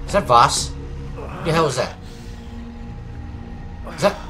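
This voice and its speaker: A man voicing let's play commentary at his computer, with shrieks of alarm and low muttered asides. His voice sits a little high and bounces all over the place. Game music plays clearly under his talk. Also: expressive, measured pace. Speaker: gaming video host. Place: at a computer, keyboard audible. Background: game music and sounds.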